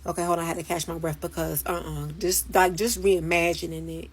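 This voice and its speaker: A woman's voice: on the low side, level tone, brisk, few pauses, slightly rough. A woman telling a story from her work night in a casual, profane and emphatic way, talking into a phone she holds. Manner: profane, emphatic, dramatic retelling.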